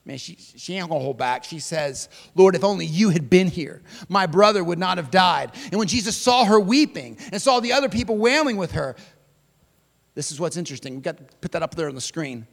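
A high-pitched male pastor delivering a sermon, his voice ringing with a long reverb through a large hall. He shifts from loud, emphatic declarations to soft, hushed passages and speaks to his listeners directly as "friend". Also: lively intonation, a little fast, creaky.

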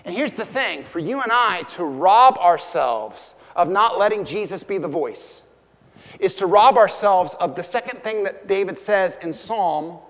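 A man's voice: sits high, animated, a little slow, fairly bright tone, big-room sound. A middle-aged man preaching a sermon as pastor. His delivery is conversational, with stories and direct questions to the listeners.

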